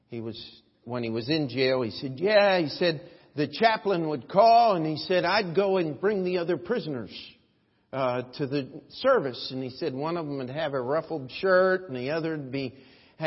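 A man pastor preaching a sermon, swinging between loud emphatic lines and quiet asides, telling folksy stories. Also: fairly high pitch. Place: church sanctuary. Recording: echoey church hall, dull lo-fi audio.

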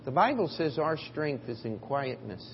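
A man preaching a sermon in a church, telling a story and moving between quiet, drawn-out phrases and loud, emphatic bursts. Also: medium pitch, sing-song, gravelly, a little hiss or hum. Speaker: pastor. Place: church sanctuary. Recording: dull audio in a reverberant hall.

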